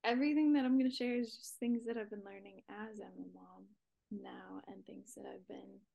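Young woman, casual faith talk, earnest and halting, slight vocal fry. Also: medium pitch, fairly even intonation, warm tone. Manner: earnest, halting, many fillers, drops to breathy near-whispers. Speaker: church podcast guest speaker.

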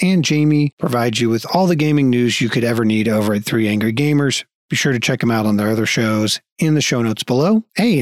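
A man hosting a podcast and narrating a tabletop game as game master, with quick joking asides. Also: medium pitch, no echo, studio quality.

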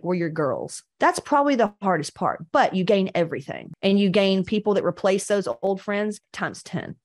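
A woman coaching on weight loss in a blunt, profane, animated motivational talk. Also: mid-range voice.

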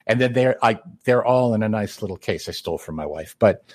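Wry self-mocking man, lowish voice. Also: animated, a little fast, no echo. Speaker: podcast co-host. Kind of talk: casual chat.

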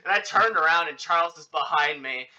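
A young man chats casually, spinning out a personal story with constant fillers and restarts. His voice is very bright and edged, and he jumps up in pitch when acting out what he said back then. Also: a little fast, muffled recording. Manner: rambling, filler-heavy, animated retelling. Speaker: podcast host telling a story.

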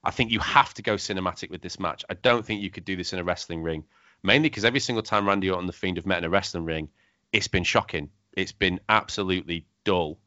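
A man with a low, bright, forceful voice, chatting casually as a podcast host. He talks with many fillers and restarts. The sound is dry and a little dull, like a lo-fi recording. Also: quick pace, no room sound.

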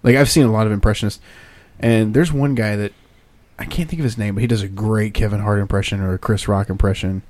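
A married man hosting a podcast, telling stories in a lively casual chat and laughing often. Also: fairly low pitch, fast, no echo. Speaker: podcast host.

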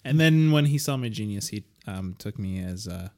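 A man's voice: on the low side, expressive, normal speed, a little mellow. A man co-hosting a comedy podcast, telling absurd stories in a dry, straight-faced way. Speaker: podcast co-host. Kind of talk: deadpan tall tales.

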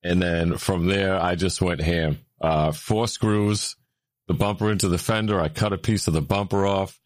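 A man telling a story in casual chat, with lots of fillers, getting louder and higher when he gets worked up. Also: moderate pace, no room sound. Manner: animated, rising when worked up, many fillers.

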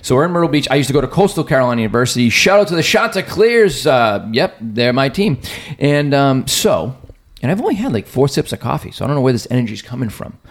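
A man, hosting a podcast and telling a rambling story, acting out what people said. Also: mid-range voice. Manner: rambling storyteller, quick and animated, acts out quotes. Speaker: podcast host. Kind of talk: casual chat.

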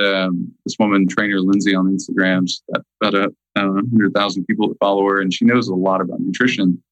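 A man speaking as a nutrition guest in a casual interview, emphatic and slowing down to stress key points. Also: lowish voice, no room sound, muffled recording.

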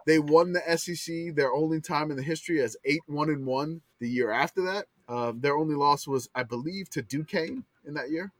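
A man hosting a podcast in casual chat, animated as he reels off old sports records and comments on them. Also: fairly high pitch, a little fast, few pauses, dry recording. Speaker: podcast host.

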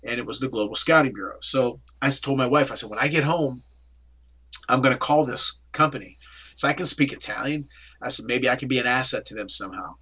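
A man's voice: medium pitch, a little fast, slightly rough. A middle-aged man from the Pittsburgh area, telling his story in an interview and acting out the dialogue. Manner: animated, acts out dialogue in storytelling. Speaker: interview guest.

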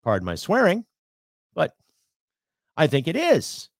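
A man's voice: fairly high pitch, wildly swooping pitch, unhurried, no room sound, studio quality. A man hosting a political podcast, ranting heatedly with rhetorical questions and some swearing. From Canada. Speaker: podcast host.

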